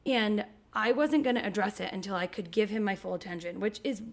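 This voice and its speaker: Brisk and medium-pitched, this thirty-something podcast co-host keeps things informal, playing out her children's dialogue as part of a story she's sharing about being a mom.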